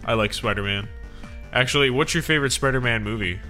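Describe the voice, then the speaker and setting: Bright-voiced upbeat man hosting a podcast. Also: mid-range voice, fast, faint music behind. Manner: upbeat, chatty, laughs easily, frequent "uh"s. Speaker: podcast host. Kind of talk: casual chat.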